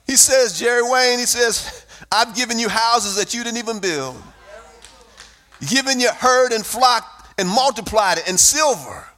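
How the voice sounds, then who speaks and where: A man preaching a sermon, moving from reading scripture into shouted, sing-song testimony. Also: very high-pitched, lively intonation, unhurried. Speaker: pastor.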